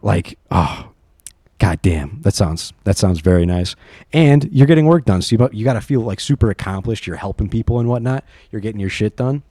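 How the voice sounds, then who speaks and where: Casting: young guy, low mellow voice, profane rambling story reader, talks while driving. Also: expressive, moderate pace, no room sound, clean studio sound. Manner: rambling, profane, laughs often. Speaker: vlogger reading online stories. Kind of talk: casual chat reading stories aloud.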